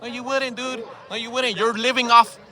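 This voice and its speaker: A man's voice: extremely high pitch, little pitch movement, moderate pace, pushed and bright, a faint crowd. A man confronting people in a heated outdoor argument, firing repeated questions and swearing, filmed on his own phone camera. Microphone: phone camera held by the speaker.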